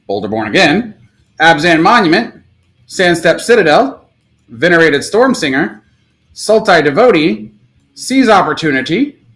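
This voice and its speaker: A man hosting a casual live stream, rapidly listing names and breaking into excited outbursts and curses. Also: sits high, low-quality recording. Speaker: live stream card seller.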